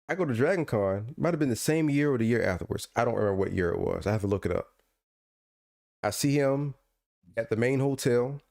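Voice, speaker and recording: A man co-hosting a podcast in casual chat, telling stories and ranting playfully, often repeating himself. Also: medium pitch. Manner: animated storyteller, repeats and restarts, playful rants. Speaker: podcast co-host.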